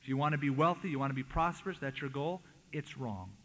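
A man's voice: medium pitch, lively intonation, fast, long reverb tail, poor audio. A man preaching a sermon, reading scripture aloud with emphatic rises and falls. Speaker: pastor.

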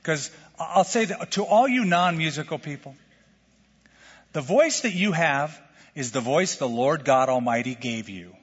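A middle-aged male pastor preaching a sermon in a lively, conversational way, full of questions to the congregation. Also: on the high side, unhurried, breathy edge. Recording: lo-fi sermon recording with long hall reverb.

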